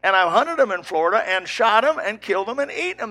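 An older man, a preacher from Indiana, telling a folksy story with lively quoted dialogue. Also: high voice, fast, slight background noise. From Indiana, United States. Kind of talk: storytelling sermon.

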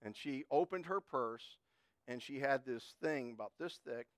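A man's voice: medium pitch, measured pace, dry recording. A middle-aged man preaching a sermon in a folksy, conversational way, telling a personal story and often restarting his words.

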